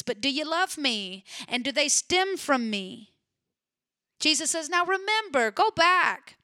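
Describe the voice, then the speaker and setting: A woman preacher delivering a sermon, explaining Bible verses in an earnest, emphatic way that moves between soft and urgent. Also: fairly high pitch, dry recording, clean studio sound.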